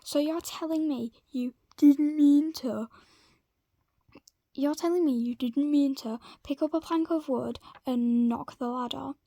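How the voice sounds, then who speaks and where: Woman reading an indignant teenage girl, high and mellow, yelling at a bully. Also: expressive, normal speed, gravelly, no echo. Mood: angry. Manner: shouting, indignant.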